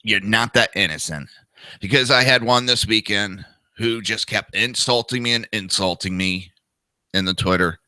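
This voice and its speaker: A man's voice: lowish voice, normal speed, bright, forceful tone, dry recording. A man with a New Jersey accent, hosting a political talk show and ranting in a blunt, crude, combative monologue. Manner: blunt, crude and combative, mocking with whiny impressions. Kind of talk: opinionated monologue.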